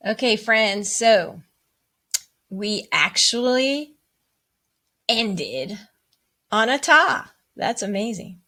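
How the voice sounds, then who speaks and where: Woman music teacher, upbeat and playful; talks slowly with a lively, bouncy pitch and chants rhythms for kids. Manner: bubbly and playful, with high whoops and cheers; chants rhythm syllables and counts. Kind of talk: online music lesson for children.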